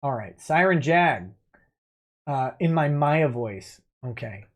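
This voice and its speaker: A man's voice: on the high side, expressive, takes it slowly. A man, a lawyer hosting a late-night livestream, reading viewer comments aloud and joking about them in a casual, wry way.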